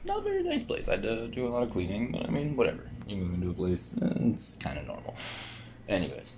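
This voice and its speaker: A man's voice: lowish voice, expressive, fast, noisy background. A man telling a rambling, casual story about his own experience, swearing and laughing often. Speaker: vlogger recounting an experience. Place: apartment bedroom.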